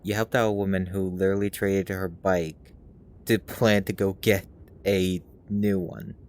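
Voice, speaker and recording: Man, low voice, casual co-host, eager, keeps prompting the teller. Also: flat delivery, unhurried, slight background noise. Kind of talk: casual chat.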